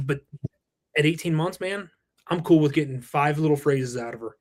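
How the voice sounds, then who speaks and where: On a podcast as a guest, a man in his thirties who heads a roofing company speaks earnestly and reflectively in a casual interview, letting slip the odd curse. His voice is on the high side at a normal speed.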